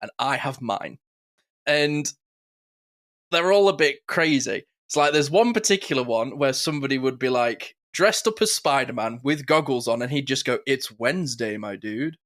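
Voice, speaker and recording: Bright-voiced man, animated podcast host. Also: mid-range voice, moderate pace. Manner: animated, breaks into loud mimicked catchphrases. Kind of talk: casual podcast chat.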